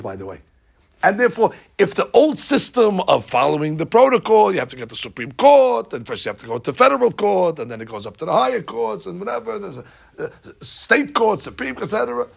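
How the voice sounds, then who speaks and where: A man giving a lively, jokey storytelling lesson as a religious teacher. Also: high-pitched, gravelly, slightly rough. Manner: lively, jokey, acts out scenes.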